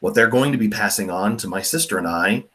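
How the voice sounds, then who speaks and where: A man teaching a class, talking casually with a mocking, animated manner and frequent fillers. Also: fairly low pitch, a little fast. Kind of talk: classroom lecture.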